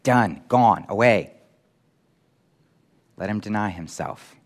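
A man preaching a sermon, emphatic and animated, acting out quoted voices as he teaches. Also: on the low side, slow.

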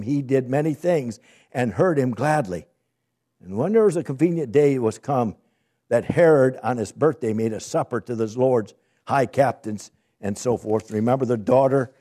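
A man's voice: mid-range voice, warm tone. A man preaching a sermon who reads scripture passages aloud and then explains them in a conversational way, putting questions to his listeners.

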